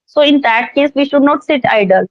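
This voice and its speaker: A young woman with an Indian accent speaks on a video call, an English teacher sharing advice in a rather high voice. She talks earnestly but hesitantly, leaning on fillers. The call audio is dry and a little dull. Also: brisk, dry recording. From Haryana, India. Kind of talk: casual conversation practice call.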